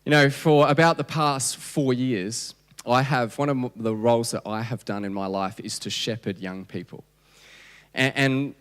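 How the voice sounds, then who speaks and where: A man in his thirties with an Australian accent, preaching a conversational, humorous sermon full of restarts. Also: mid-range voice. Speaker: pastor. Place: church hall. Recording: long church hall reverb.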